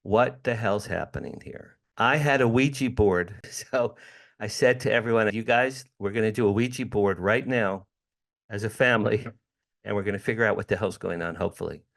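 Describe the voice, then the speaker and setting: Middle-aged guy, slightly low voice, telling a spooky story all worked up. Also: moderate pace, gravelly. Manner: animated, dramatic storytelling. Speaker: interview guest.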